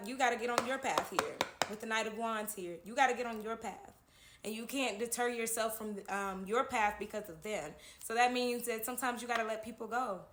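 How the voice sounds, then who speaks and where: A woman talks through a tarot horoscope in a chatty, reassuring way, checking in with her listeners as she goes. Her voice sits a little high. The room around her gives the sound a noticeable echo. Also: a bit bright. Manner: chatty, reassuring, keeps adding "okay?". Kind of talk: casual tarot reading monologue. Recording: echoey room.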